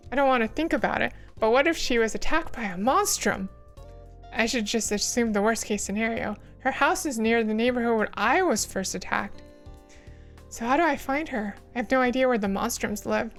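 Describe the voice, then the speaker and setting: A woman's voice: on the high side, normal speed, soft background music, lightly acted. A woman voicing an earnest, blunt teenage boy who secretly transforms into a magical girl. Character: determined teen boy turned magical girl.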